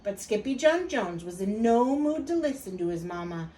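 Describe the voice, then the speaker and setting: Animated woman reading a picture book. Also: medium pitch, normal speed.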